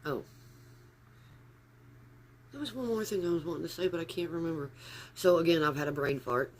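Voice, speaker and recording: Speaking at normal speed in a slightly high voice, a man rambles through a casual live stream from his phone, often getting sidetracked. He's upstairs at home, and there's slight background noise.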